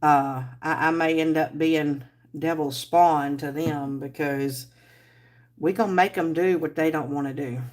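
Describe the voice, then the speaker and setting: A woman's voice: sits low, fairly even intonation, unhurried, darkish tone. A woman hosting a casual livestream, rambling and chatting with viewers while she crafts. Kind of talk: casual live-stream chat while crafting.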